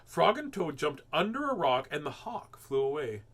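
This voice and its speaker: A man reading a children's storybook aloud as host, expressive and animated. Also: fairly high pitch, moderate pace. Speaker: children's book reader, host.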